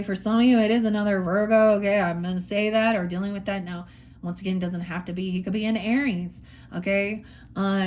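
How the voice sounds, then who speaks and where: Her medium-pitched voice is a little mellow, though the middle-aged tarot reader herself is blunt and irritated, wandering off topic and cursing without restraint during a casual reading. Some light noise sits behind her.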